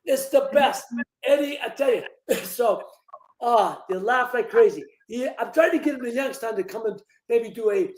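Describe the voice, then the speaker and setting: A man's voice: extremely high pitch, normal speed, echoey room, low-quality recording. A man in his sixties from Ohio, telling stories as a guest in a live interview, rambling with many fillers and restarts. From Ohio, USA. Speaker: interview guest, former boxer.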